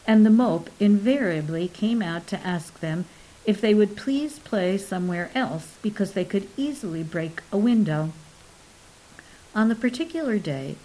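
A woman narrates a novel in a calm, measured reading. She takes her time, letting each sentence land at a slow, unhurried pace. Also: medium pitch, low-quality recording. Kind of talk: audiobook narration.

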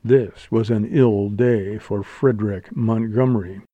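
A man's voice: on the low side, steady tone, unhurried, dry recording, highs cut off. A man reading an audiobook aloud, narrating steadily. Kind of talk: scripted narration.

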